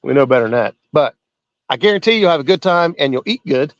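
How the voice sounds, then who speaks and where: A man's voice: on the high side, animated, quick pace, no echo, lo-fi sound. A man hosting a fishing channel, chatting in an easygoing, folksy and hospitable way. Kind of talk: casual chat on a fishing livestream.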